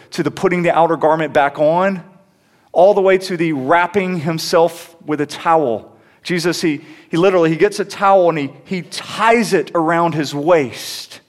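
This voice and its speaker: A young adult man preaching a sermon in a conversational way, stumbling on restarts and rising into emphatic peaks. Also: a little high. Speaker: pastor.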